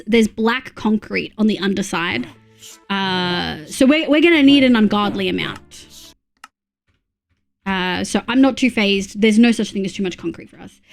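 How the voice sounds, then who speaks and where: A woman from Australia streaming a game, counting items under her breath between chatty asides to her viewers. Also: fairly high pitch. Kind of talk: casual gameplay chat with chat readers.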